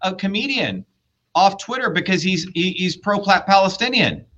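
Blunt, bright-voiced man lecturing hard. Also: sits high, lively intonation, normal speed, lo-fi sound. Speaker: political candidate. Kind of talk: heated political debate.

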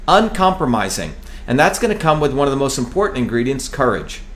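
A man's voice: medium pitch, animated, a little fast. A man from New Jersey speaking in a heated, emphatic political talk, swearing freely and hammering on repeated phrases.

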